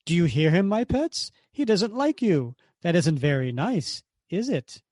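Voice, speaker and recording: A man's voice: sits high, big pitch swings, unhurried, darkish tone, dry recording, clean studio sound, pitched above the performer's own voice, full character voice. A man reading aloud as a boastful, cruel male mad scientist, gloating and mocking.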